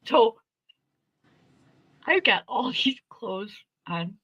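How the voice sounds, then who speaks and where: A woman's voice: fairly high pitch, drawn-out words, pauses often, breathy edge, dry recording, low-quality recording. A middle-aged woman hosting a casual chat, telling a story with lots of laughter and free swearing. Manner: animated, laughing often, swearing freely. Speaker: host.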